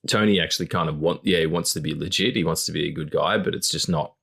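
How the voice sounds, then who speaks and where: A man co-hosting a podcast, rambling in casual chat, swearing freely and acting out quotes in squeaky voices. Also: fast talker, gravelly, fairly bright tone, husky. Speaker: podcast co-host.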